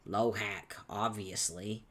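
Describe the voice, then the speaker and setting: Man reading aloud as furious young troll, foul-mouthed, shouty, impatient, webcomic reading. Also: lowish voice, fairly even intonation, takes it slowly. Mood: irritated.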